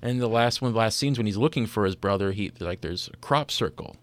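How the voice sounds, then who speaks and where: A man's voice: on the low side, quick pace. A man hosting a casual film chat, talking loosely with lots of "like" fillers. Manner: chatty, full of "like" fillers. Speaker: podcast host.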